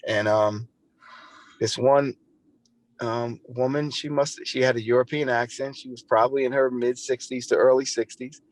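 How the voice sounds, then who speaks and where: A man's voice: mid-range voice, fairly even intonation, normal speed, dry recording. A man appearing as a podcast guest, earnestly telling a personal story and often restarting his phrases. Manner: earnest, repeats and restarts phrases while recounting. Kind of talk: conversational storytelling.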